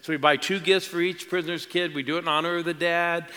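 Fervent pastor in an echoing church hall. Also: male voice, a little high, fairly even intonation, fast, pushed and bright, clean tone. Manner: emotional, storytelling with rising exclamations. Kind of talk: sermon. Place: large church auditorium. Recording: reverberant hall with crowd behind.

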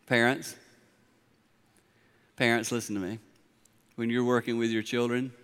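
Bright-voiced pastor preaching. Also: male voice, medium pitch, smooth. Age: middle-aged. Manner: storytelling, swings from quiet to emphatic. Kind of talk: sermon. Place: large church hall. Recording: long hall reverb.

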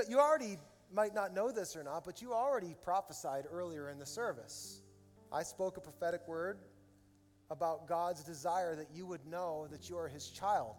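A middle-aged man preaching a sermon as pastor, telling stories with animated energy that rises to loud emotional peaks. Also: on the high side. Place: large church hall with live audience. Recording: reverberant hall with soft music behind.

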